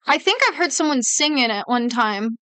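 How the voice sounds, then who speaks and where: Rambling high-voiced woman streamer. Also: expressive, moderate pace, sharp tone, clear, resonant tone, dry recording, rough recording. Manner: rambling, profane, self-interrupting. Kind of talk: casual livestream chat with viewers.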